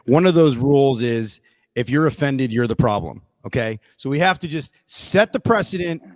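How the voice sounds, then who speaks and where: As a guest storyteller on a casual podcast, a man rambles animatedly, restarting sentences and checking in with listeners along the way. His voice is medium-pitched at normal speed. The sound is studio quality with no room sound.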